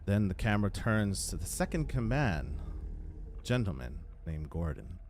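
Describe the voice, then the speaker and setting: Male GM, slightly low voice, casual streamer narration, faint background hum. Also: animated, moderate pace, darkish tone. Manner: casual, chatty with stream chat. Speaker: game master. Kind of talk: livestream game narration.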